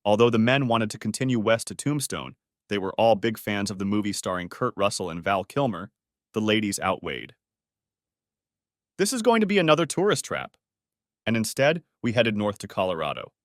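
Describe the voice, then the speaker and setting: A man's voice: lowish voice, fairly bright tone, no room sound, clean studio sound. Man reading a first-person story. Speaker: narrator.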